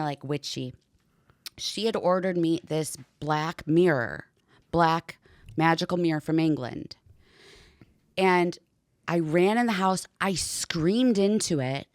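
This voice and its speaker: A woman, a podcast guest, telling a story in a casual, animated way with lots of "like" and swearing. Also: fairly low pitch, no room sound, studio quality. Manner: animated, heavy use of "like" and swearing. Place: podcast studio.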